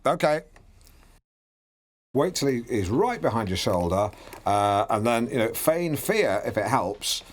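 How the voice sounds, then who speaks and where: A pompous, blundering middle-aged radio host, who stumbles and corrects himself mid-sentence. His pitch swoops up and down with lively swings as he presents his show. He sounds smug and cheerfully clumsy. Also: measured pace, pauses often, slight background noise. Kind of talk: sitcom radio-show acting.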